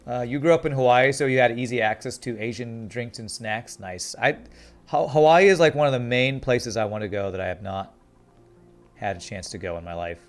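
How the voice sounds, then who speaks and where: An American man giving relaxed, chatty commentary while playing a game and reading his chat aloud. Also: medium pitch, fairly quick. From United States. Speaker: game streamer. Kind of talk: casual gameplay commentary. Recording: faint music behind.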